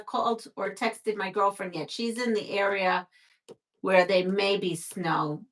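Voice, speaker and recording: A woman's voice: medium pitch, a bit bright. A woman from Brooklyn hosting a casual live stream, chatting, reading viewer comments aloud and laughing often. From Brooklyn, New York.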